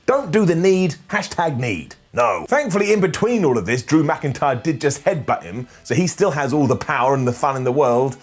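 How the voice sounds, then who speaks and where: A man's voice: fairly high pitch, big pitch swings, normal speed, few pauses, soft background music. A man reviewing a wrestling show in a comedic, sarcastic recap monologue. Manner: sarcastic, jokey, mocking asides.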